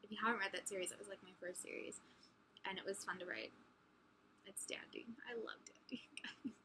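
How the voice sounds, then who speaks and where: A young woman in a college dorm room, chatting casually while she answers viewer questions, with lots of ums and frequent drops to a hushed near-whisper. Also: mid-range voice, steady tone, a little fast, background noise. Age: young adult. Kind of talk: casual chat.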